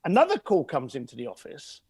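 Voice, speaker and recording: Middle-aged man, podcast guest, animated raconteur, high and highly expressive delivery. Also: brisk, breathy edge. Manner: animated storyteller who acts out dialogue. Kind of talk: storytelling in a podcast interview.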